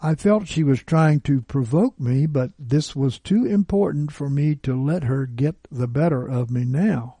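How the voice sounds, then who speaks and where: A man's voice: on the high side, a little slow, hardly any pauses, warm tone, husky, no room sound. A man narrating a personal account in an earnest, pleading storytelling manner.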